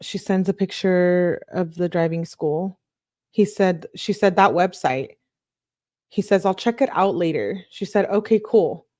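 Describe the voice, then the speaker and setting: A woman hosting a true crime channel, reading text messages aloud in a plain, matter-of-fact way, with quick offhand comments between them. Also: on the low side, mellow.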